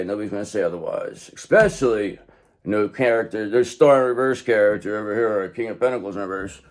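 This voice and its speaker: A man reading tarot cards in a casual monologue, animated, talking straight to the viewer and swearing now and then. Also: on the low side. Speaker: tarot reader.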